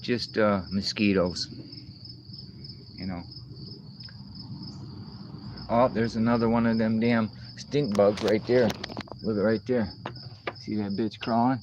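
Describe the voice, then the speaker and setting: A low-voiced man rambles through a casual outdoor livestream, answering chat and swearing freely. Faint insect and cricket noise hums behind him. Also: muffled recording. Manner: rambling, profane, talks back to chat comments. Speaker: livestream host reading chat.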